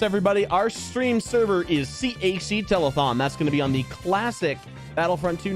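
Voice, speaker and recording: A man co-hosting a charity stream, giving upbeat, chatty, teasing commentary while playing a game. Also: sits high. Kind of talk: live gameplay commentary. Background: game music.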